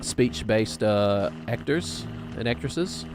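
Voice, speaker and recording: A man's voice: lowish voice, animated, slow, music in the background. A man streaming a video game, rambling and joking offhandedly as he plays. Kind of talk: gaming stream commentary.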